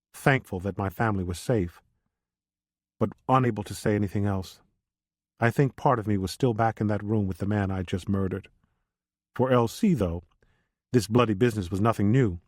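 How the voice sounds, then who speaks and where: A man giving measured, grave first-person audiobook narration. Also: on the low side, darkish tone, no room sound, clean studio sound.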